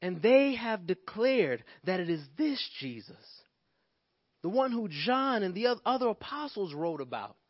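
A pastor preaching a sermon, building emphasis and calling out to the congregation. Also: male voice, high voice, very animated, measured pace, no echo, muffled recording. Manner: preaching with rising emphasis and call-outs to the congregation.

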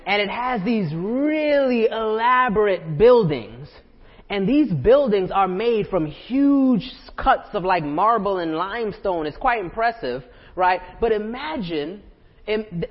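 Male pastor, high voice, conversational sermon full of rhetorical questions, long church reverb. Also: slightly rough, highs cut off. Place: church sanctuary.

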